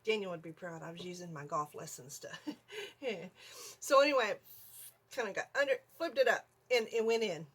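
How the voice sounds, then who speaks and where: A middle-aged woman, telling an animated story on her vlog, laughing often and acting out her own screams. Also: mid-range voice, moderate pace, husky. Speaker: vlogger.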